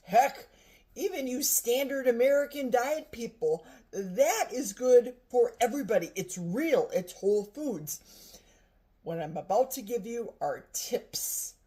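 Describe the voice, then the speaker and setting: Animated older woman, slow and lively. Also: on the high side. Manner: animated, chatty, talks with mouth full. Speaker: food vlogger. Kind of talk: casual cooking vlog with tasting.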